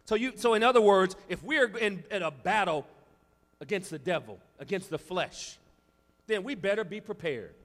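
A male pastor delivers a sermon in a fairly high voice. He builds to shouted climaxes, then drops to quiet, confiding asides. The voice rings out with the long reverb of a large hall. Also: expressive, normal speed. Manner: preaching with rising shouts and sudden quiet asides.

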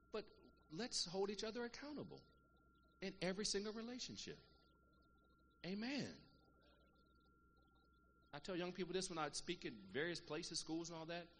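A middle-aged man preaching a sermon, calling out to the congregation and swinging between loud exhortation and quiet, earnest asides. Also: high-pitched. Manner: call-and-response preaching, calls out "Amen" and "saints". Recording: long reverb of a large hall, faint room noise.

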